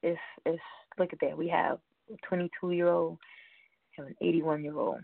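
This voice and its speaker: A woman's voice: low-pitched, fairly even intonation, moderate pace, gravelly, no room sound. A woman hosting a radio show, chatting casually in a rambling way and laughing often. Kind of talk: casual show chat reading birthdays. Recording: tinny phone-like line, dry.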